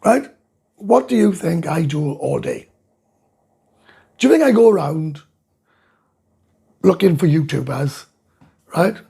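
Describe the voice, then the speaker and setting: Speaking slowly with long pauses, a middle-aged man from Wales reads viewer comments on a casual live chat and answers in blunt, sweary rants. His fairly high, warm voice is animated, gravelly and very husky.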